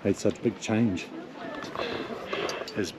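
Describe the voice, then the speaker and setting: A man hosting a travel vlog outdoors in a mountain town, speaking in a reflective, softly awed way as he leads a tour. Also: fairly low pitch, very slow, background noise. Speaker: tour leader and vlog host. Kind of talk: casual travel vlog narration. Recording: outdoor street crowd behind.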